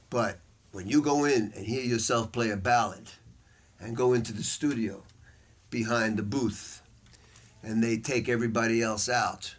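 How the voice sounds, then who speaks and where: An older man giving a saxophone masterclass to a live audience, telling stories in a casual, profane way, acting out voices and laughing often. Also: on the low side. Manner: animated, acts out quoted voices, laughs often. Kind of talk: casual, profane storytelling lecture. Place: music store hall with a small audience. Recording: faint background noise and clicks.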